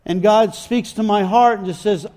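A man's voice: sits high, normal speed, darkish tone. A man preaching a sermon in an emphatic, folksy way, often repeating his phrases.

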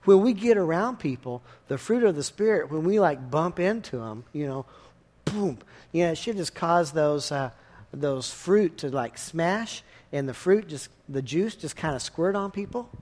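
A man's voice: fairly high pitch, expressive, moderate pace, darkish tone. A man preaching a sermon in a folksy, conversational way, telling everyday stories to make his points. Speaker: pastor.

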